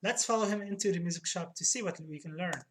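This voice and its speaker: A woman's voice: lowish voice, quick pace. Woman streamer reading game text aloud.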